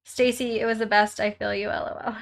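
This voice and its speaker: A woman's voice: a little high, little pitch movement, brisk, vocal fry. A young woman hosting a casual live stream from home while crafting, chatting with viewers and reading their comments aloud in a bubbly way, laughing often.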